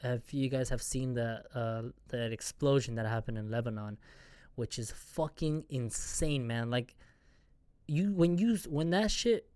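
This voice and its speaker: A man's voice: medium pitch, measured pace, darkish tone, clean tone, dry recording. A man hosting a solo podcast, venting in a rambling, profane, self-mocking casual rant. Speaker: podcast host.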